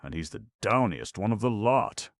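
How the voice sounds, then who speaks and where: A swaggering young pickpocket, put on by a man, all boast and street slang. The voice is pushed up high and swings freely. The recording is dry and close. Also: expressive, normal speed, vocal fry, no echo.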